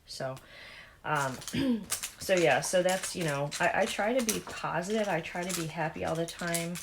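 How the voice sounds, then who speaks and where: A woman's voice: lowish voice, moderate pace, creaky, background noise. A woman in her forties with a Southern accent, talking candidly and rambling through fillers while doing her makeup. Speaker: beauty vlogger.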